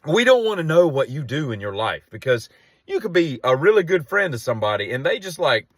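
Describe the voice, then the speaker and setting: A man's voice: a little high, sing-song, a little fast, no echo. A man telling a rambling story and ranting casually to camera, exasperated. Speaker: vlogger.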